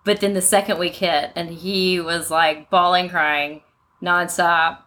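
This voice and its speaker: A woman in her thirties co-hosting a casual podcast, laughing often as she tells animated stories about her children starting school. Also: on the low side, a little slow. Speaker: podcast co-host. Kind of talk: casual chat.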